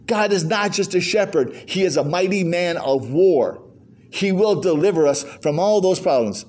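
A man's voice: high voice, lively intonation, normal speed, darkish tone. An older man preaching a sermon as pastor, firing rhetorical questions with joking asides.

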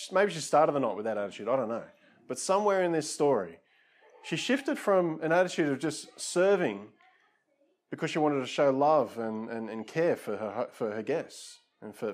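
A man's voice: on the high side, lively intonation, moderate pace. A man preaching a conversational sermon, casual and self-deprecating, with frequent asides to his listeners.

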